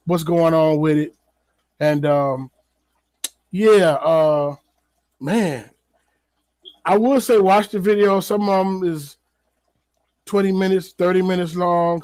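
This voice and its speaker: A man's voice: a little high, darkish tone, dry recording. A man hosting a podcast in a casual solo commentary, talking loosely with many fillers and repeated words. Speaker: podcast host.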